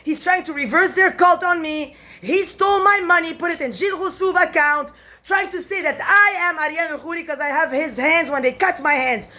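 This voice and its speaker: A woman with a notably high voice delivers a rambling monologue to camera. She sounds agitated and swears freely, leaping from one point to the next and now and then breaking into shouts. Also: normal speed. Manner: agitated, profane, jumps between topics, bursts into shouting.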